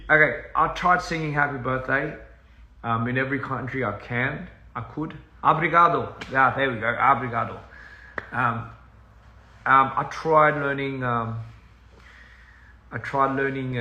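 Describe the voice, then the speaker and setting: A man with a mid-range, sharp-toned voice chats casually on a phone livestream from his house, where he is a recording artist talking to viewers. He rambles, is easily sidetracked, laughs a lot, and uses Korean and bits of other languages. The audio is poor and roomy.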